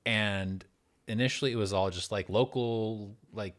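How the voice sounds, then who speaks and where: A man's voice: lowish voice, steady tone, normal speed, fairly bright tone. A young man co-hosting a podcast with a dry, understated, wry way of talking. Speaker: podcast co-host. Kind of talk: casual chat.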